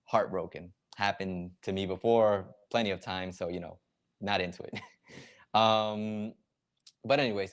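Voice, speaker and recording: A man with a fairly low voice talks casually on a live reaction stream. He explains slang step by step and leans on filler words as he goes. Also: fairly even intonation, measured pace.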